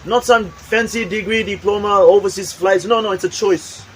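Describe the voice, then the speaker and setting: A man with a high voice delivers a motivational lesson in an emphatic, repetitive way. He keeps acting out little examples as he goes. Faint ambient noise sits behind him. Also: fairly even intonation, normal speed, poor audio. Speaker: motivational speaker. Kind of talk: motivational talk with acted demonstrations.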